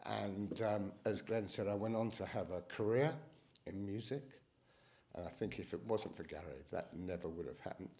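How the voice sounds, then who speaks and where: A man speaking at a memorial reception about his late cousin, emotional and halting, with frequent ums. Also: lowish voice, a little mellow. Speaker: cousin giving a eulogy. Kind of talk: memorial speech. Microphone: microphone.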